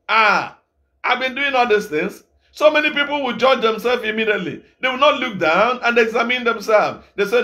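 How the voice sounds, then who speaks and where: A man from Nigeria, an evangelist preaching a sermon, scolding his listeners with rhetorical questions and now and then breaking into shouts. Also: high-pitched, expressive, normal speed.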